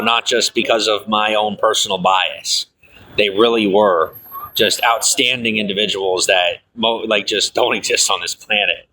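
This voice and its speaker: A man in his thirties telling his life story casually to a livestream audience, rambling with fillers and self-corrections, laughing things off and jumping up in pitch when excited.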